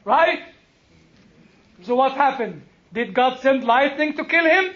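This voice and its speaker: A male preacher giving an animated sermon, questioning his congregation, exclaiming and laughing as he teaches. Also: very high voice, takes it slowly, long pauses, lo-fi sound.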